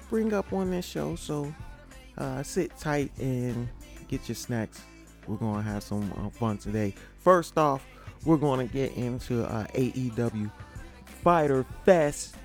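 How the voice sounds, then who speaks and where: A man's voice: mid-range voice, expressive, slow, a little mellow, faint music behind. A man hosting a podcast in a loose, casual way, with many fillers and restarts. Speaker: podcast host.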